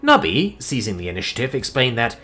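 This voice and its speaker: A man narrating a sci-fi war story in an animated, expressive way, with sudden swings in pitch and loudness. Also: moderate pace, soft background music.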